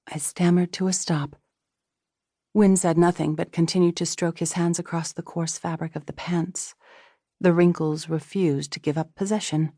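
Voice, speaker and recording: Mellow-voiced woman narrating an audiobook. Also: low voice, fairly even intonation, no echo, studio quality. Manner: measured storytelling. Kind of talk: first-person scripted narration.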